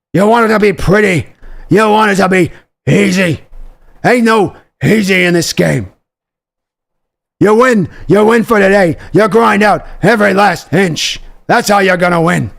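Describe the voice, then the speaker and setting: A gravelly older tough guy, put on by a man, barking short clipped lines at a slow, heavy pace. The voice sits high for a man and is full of rough fry. Each phrase lands like a punch. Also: heavily acted. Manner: barking short fired-up statements. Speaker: impression of a famous actor.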